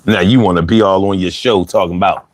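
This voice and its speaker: A man's voice: low-pitched, steady tone, fast, dry recording, clean studio sound. A man hosting a casual livestream, reading out chat comments in a loose, slangy way and laughing often, a little bothered by allergies.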